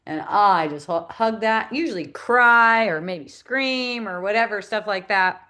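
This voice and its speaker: A woman's voice: mid-range voice, measured pace, pushed and bright. A middle-aged woman teaching in a reflective spiritual talk, laughing often and acting out the voices she quotes.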